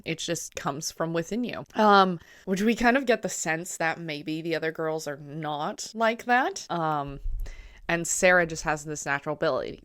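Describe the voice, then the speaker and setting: A woman with a fairly low voice talks through a film in a loose, chatty way, laughing often and filling pauses with "um." The sound is dry and close, with no room around her. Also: a bit bright, dry recording. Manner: chatty, laughs often, acts out quoted lines; frequent fillers and hesitations. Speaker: film commentator. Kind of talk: casual film commentary.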